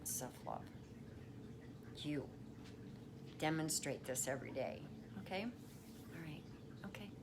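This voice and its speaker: A low-pitched woman speaks in a relaxed, chatty way as she hosts a wellness check-in from home. A faint hum of household noise sits under her voice. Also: slow pace, gravelly, pauses often. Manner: chatty, reassuring, talks baby talk to her cat. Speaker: wellness talk host. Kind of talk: casual livestream talk. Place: at home with pets.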